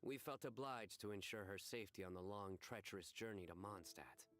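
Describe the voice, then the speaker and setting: A man's voice: lowish voice, fairly quick, fairly bright tone, natural voice. Man voicing a stern, formal general. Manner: stiff and formal. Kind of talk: video game voice acting.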